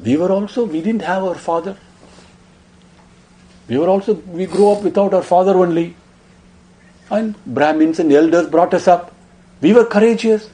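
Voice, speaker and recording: A man's voice: sits high, normal speed, pauses often, warm tone, voice pushed up, natural voice, low-quality recording. A man voicing a warrior uncle who earnestly consoles a crying boy. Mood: consoling. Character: warrior uncle, tender and reassuring.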